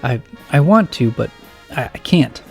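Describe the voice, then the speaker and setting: A man's voice: mid-range voice, expressive, unhurried, vocal fry, darkish tone, breathy edge, soft background music, exaggerated voice. A man voicing a nervous, gloomy teenage boy who stammers and hesitates. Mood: stammering.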